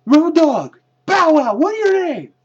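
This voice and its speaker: A man putting on a frazzled male wrestling trainer who yells in a shrill, high-pitched voice. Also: expressive, normal speed. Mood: yelling. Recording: lo-fi dull recording.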